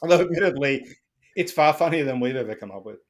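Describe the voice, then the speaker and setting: A man's voice: medium pitch, animated, quick pace. A man co-hosting a casual podcast, reading dictated text aloud and laughing through it. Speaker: podcast co-host. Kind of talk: casual chat.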